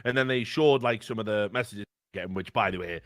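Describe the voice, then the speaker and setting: A man's voice: fairly low pitch, quick pace, fairly bright tone, dry recording, clean studio sound. A man co-hosting a casual podcast, talking in a rambling, emphatic, profane way. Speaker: podcast co-host.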